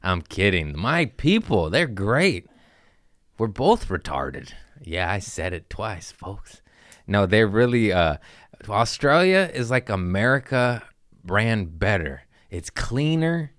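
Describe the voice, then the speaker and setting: A man's voice: fairly low pitch, very animated, slow, a bit bright, no echo, clean studio sound. A man hosting a comedy podcast, rambling through crude, jokey stories in a casual monologue.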